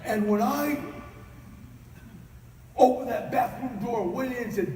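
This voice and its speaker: A man giving a personal storytelling speech at a conference, animated and prone to loud acted outbursts. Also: sits high, moderate pace, a little hiss or hum. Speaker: conference speaker. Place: large convention hall. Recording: echoey hall recording from far off.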